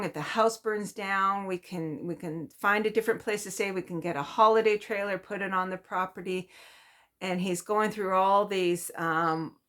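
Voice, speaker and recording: A woman vlogger tells a story in a chatty, animated way and laughs often. Her voice is bright and sits at a middle pitch. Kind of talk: casual storytelling.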